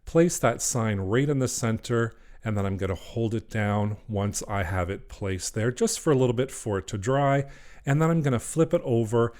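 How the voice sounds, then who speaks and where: A man's voice: on the low side, darkish tone. Cheerful man narrating a craft tutorial. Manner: cheerful and chatty, gushing over the finished work. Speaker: craft channel host. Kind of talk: friendly step-by-step craft tutorial voice-over.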